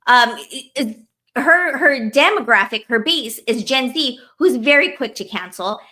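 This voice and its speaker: Bright-voiced woman ranting heatedly. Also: a little high, expressive, measured pace. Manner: heated, profane, lots of "like" fillers. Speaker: podcast co-host. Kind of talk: casual ranting chat.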